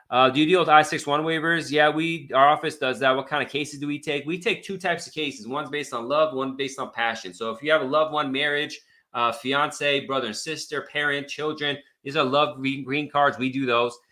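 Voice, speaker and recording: Lawyer guy on a livestream, quick and bright, blunt, kinda exasperated, lots of ums. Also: medium pitch. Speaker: immigration attorney hosting a live Q&A. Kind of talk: unscripted live stream, reading viewer questions aloud.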